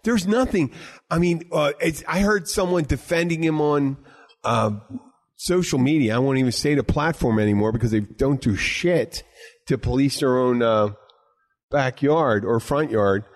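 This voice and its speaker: A man hosting a casual bar-talk podcast. He tells stories in an animated, rambling way and often restarts his sentences. His voice sits at a middling pitch. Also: normal speed. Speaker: podcast host and bartender.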